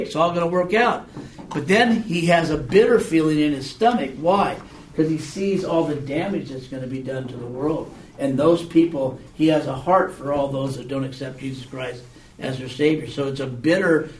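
A man's voice: on the high side, a little hiss or hum. A man teaching a Bible class in a casual, conversational way, often checking in with his students through questions. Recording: echoey room, mic far off.

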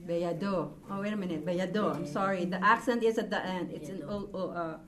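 A woman's voice: medium pitch, quick pace, a bit bright. A woman teaching a language class, patiently repeating words and explaining rules to her students. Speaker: Hebrew teacher.

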